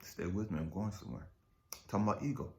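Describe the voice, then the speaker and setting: A man giving a raw, profane spiritual testimony as a coach, swinging between shouting and whispering. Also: lowish voice, fast talker, creaky. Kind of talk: emotional personal testimony.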